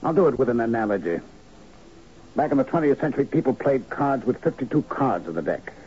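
A man's voice: medium pitch, sing-song, fairly quick, slightly rough. A man playing a shrewd, scheming executive aide in a 1970s radio drama, brusque and lecturing, on a dull lo-fi broadcast recording. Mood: curt. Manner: brusque, lecturing, explains in analogies. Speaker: corporate fixer.

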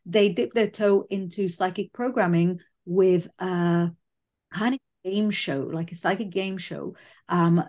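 A woman from the UK with a quirky, unusual voice, chatting loudly as a guest over a video call. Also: on the low side. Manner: loud, chatty, laughs often. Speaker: guest psychic medium. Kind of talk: casual interview chat.

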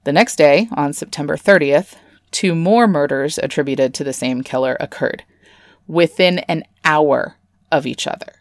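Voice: medium pitch, measured pace, dry recording, studio quality. A podcast host narrating a true-crime story with a comedic touch, breaking in with sarcastic asides and casual swearing.

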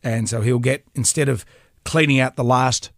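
A middle-aged man, hosting a radio show and telling stories in a lively, mock-indignant way. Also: medium pitch, moderate pace, vocal fry, dry recording, clean studio sound. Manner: animated storyteller, mock-indignant. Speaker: radio host. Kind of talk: casual radio chat. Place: radio studio. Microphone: studio microphone.

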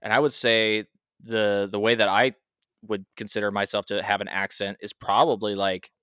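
Smooth low Northwest American man. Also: level tone, normal speed, pushed and bright, no room sound, studio quality. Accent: Pacific Northwest American. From Washington State, USA. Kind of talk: casual podcast chat.

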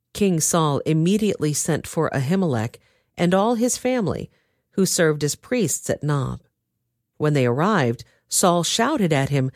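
A woman reads scripture aloud as a story, her pitch low yet lively and animated. The recording is close and dry, with no room around her. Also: a little slow, no echo. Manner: expressive storytelling. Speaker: narrator. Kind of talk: dramatized scripture reading.

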